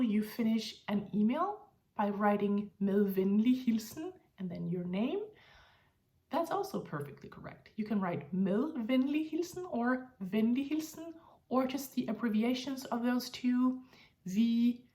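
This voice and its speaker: A woman's voice: on the high side, a little mellow. A woman with a Danish accent, a native Danish speaker, giving an online language lesson in an explanatory, friendly way with frequent laughs.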